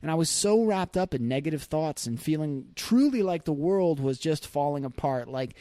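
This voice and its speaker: A man's voice: a little high, lively intonation, normal speed, hardly any pauses, mellow, no room sound. A man hosting his own podcast, telling a candid personal story in a conversational, reflective way with light laughs. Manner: conversational, acts out his own thoughts in quoted voices. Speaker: podcast host.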